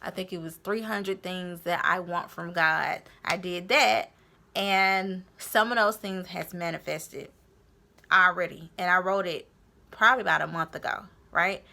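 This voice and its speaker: A young woman vlogger speaks straight to camera with motivational tips, encouraging her viewers and repeating her key points. Her voice is fairly low, gravelly and sharp, with fairly even intonation and a slightly slow pace.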